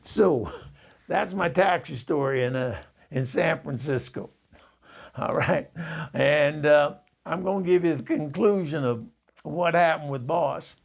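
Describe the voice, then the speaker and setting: Gravelly husky male storyteller. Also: on the high side. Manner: chuckling, halting with fillers. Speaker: storyteller host. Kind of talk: casual spoken storytelling.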